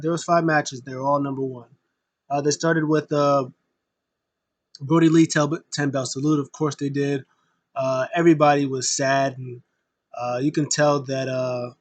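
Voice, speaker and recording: A man's voice: mid-range voice, no echo. A man recapping a wrestling tribute show in a casual, rambling way, full of fillers and open emotion as a fan. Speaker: wrestling vlogger.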